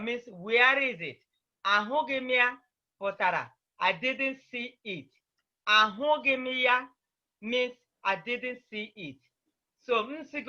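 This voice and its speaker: A high, bright male voice moves at an unhurried pace, with each word repeated carefully as he teaches. The sound arrives muffled and lo-fi over a video call, as a patient language teacher leads an online class. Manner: patient, repeats words slowly for students to copy.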